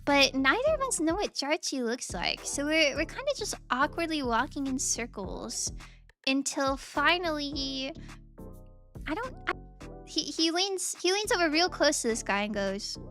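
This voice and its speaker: A young woman streamer telling a rambling, animated travel story with frequent giggles and restarts. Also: high voice, a little slow, soft background music. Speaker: VTuber streamer. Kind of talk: casual storytelling recap.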